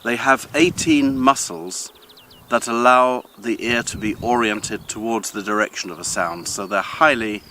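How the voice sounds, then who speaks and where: A man's voice: lowish voice, pushed and bright, slight background noise, poor audio. Older man musing on a country walk. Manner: thoughtful, measured, with frequent ums and pauses. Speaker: vlog host. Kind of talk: casual explanatory talk on a walk, with a poem reading. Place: outdoors in the countryside.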